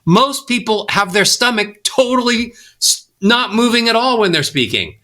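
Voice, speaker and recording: A middle-aged man speaks as a voice coach in a podcast interview, his voice bright and ringing. He teaches by example, sliding his pitch up and down in wide, lively swoops. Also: moderate pace. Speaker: voice coach guest. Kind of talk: podcast interview, demonstrating tips.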